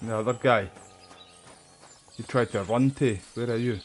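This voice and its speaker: A Scottish man streams a game live and swears freely as he eggs on the fights. His voice sits at an ordinary middle pitch. He drifts into chatty asides, and clear game audio with horse hooves plays behind him. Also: fairly even intonation, normal speed, a little hiss or hum. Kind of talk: live gameplay commentary.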